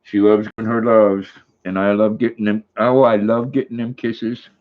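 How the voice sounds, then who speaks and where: A man's voice: fairly low pitch, little pitch movement, moderate pace, phone-quality sound. An older man hosting a casual live stream, chatting affectionately and talking sweetly to his dog.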